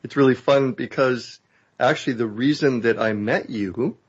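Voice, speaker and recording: A man hosting a casual interview, speaking conversationally with many pauses and fillers. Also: medium pitch, breathy edge. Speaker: host. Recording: dull lo-fi audio.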